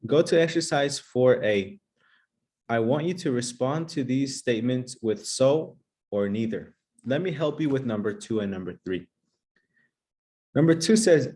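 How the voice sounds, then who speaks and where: A man playing an English teacher, calling on students and giving brisk, upbeat praise. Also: medium pitch, lively intonation, warm tone. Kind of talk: playful classroom sketch.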